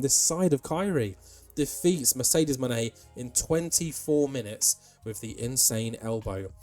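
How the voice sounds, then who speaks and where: A man's voice: medium pitch, a little mellow. A young man giving rambling casual commentary over a wrestling management game, with plenty of ums and asides. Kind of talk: casual let's-play commentary.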